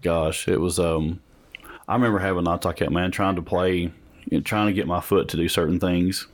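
A man hosting a casual podcast chat from a room at home with big windows, telling stories in an animated, self-mocking way. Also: low-pitched, brisk. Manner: animated storytelling with laughs and self-mockery. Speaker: podcast host. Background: passing traffic and children audible.

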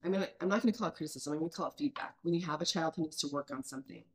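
A mid-thirties woman hosts a casual parenting podcast, her voice sitting low and racing along. She talks earnestly, thinking aloud and restarting her sentences again and again.

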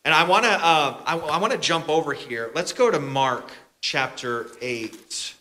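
Bright-voiced male pastor telling a story. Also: on the high side, unhurried. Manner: casual, chatty, bantering with the congregation. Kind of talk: storytelling sermon.

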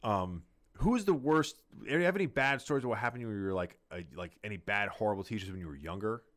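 A man's voice: lowish voice, expressive, fast, fairly bright tone. A man casually telling a rambling, profane story in a podcast chat.

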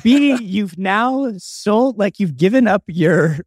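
A man's voice: high voice, lively intonation, takes it slowly, a little mellow, no echo. A man in his twenties co-hosting a podcast in casual chat, teasing his friend with dry humor. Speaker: podcast co-host.

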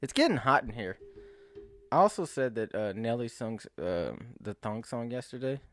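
A man's voice: medium pitch, lively intonation, moderate pace, fairly bright tone, a little hiss or hum. A young man vlogging to camera in a rambling, self-mocking monologue, often breaking into laughs and sighs.

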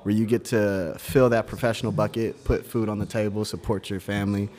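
A man talking as a podcast guest in casual chat, an animated storyteller with plenty of slang. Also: on the low side, a little fast.

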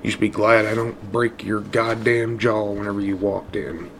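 A man's voice: fairly low pitch, fairly even intonation, moderate pace, fairly bright tone, a little hiss or hum. A man doing a furious old ex-mill worker. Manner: snarling, hostile.

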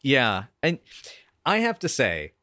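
A man's voice: medium pitch, slow, no echo, studio quality. A man co-hosting a casual podcast chat about an old sitcom, wry and joking. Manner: wry, expressive, jokey. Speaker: podcast co-host.

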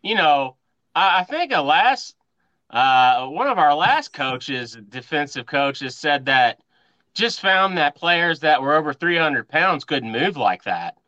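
A man co-hosting a sports podcast, explaining things in a relaxed way with filler words. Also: on the high side, slow pace, no room sound, dull audio. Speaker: podcast co-host. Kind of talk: casual sports podcast chat.

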